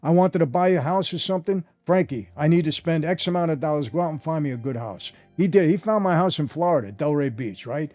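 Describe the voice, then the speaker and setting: Un homme âgé à l'new-yorkais raconte ses souvenirs d'une voix plutôt haute pour un homme mais au timbre chaud et sombre. Il parle de façon vivante et familière, en interpellant sans cesse son public. On entend une légère musique en fond. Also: male voice, on the high side, fairly quick, hardly any pauses, soft background music. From New York. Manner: animated, addresses listeners directly, repeats "I gotta tell you". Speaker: former mobster telling stories. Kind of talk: casual storytelling monologue.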